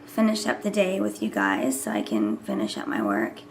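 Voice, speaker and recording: Mujer charlatana con voz algo rasposa. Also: female voice, very deep voice, very animated, moderate pace, a little hiss or hum. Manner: chatty, rambling, drops into whispers. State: voice recovering from hoarseness. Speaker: vlogger and mother. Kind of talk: casual chat to camera.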